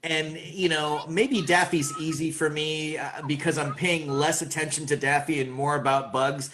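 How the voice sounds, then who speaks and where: Male voice actor, casual interview guest, slightly high voice. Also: moderate pace, a little hiss or hum. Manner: animated, slips into voices.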